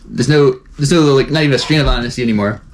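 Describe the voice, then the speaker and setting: Young guy cohosting a reaction vid, talks fast, deadpan rambling jokes. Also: mid-range voice, slight background noise. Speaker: reaction video co-host. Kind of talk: casual joking chat.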